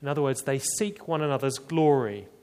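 A man's voice: medium pitch, a little fast, a little mellow, clear, resonant tone. A man preaching an expository sermon, emphatic and explanatory, with rhetorical questions to the congregation.

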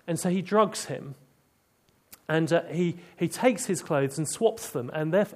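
A man preaching a sermon, telling stories and dropping to hushed tones to drive points home. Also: a little high.

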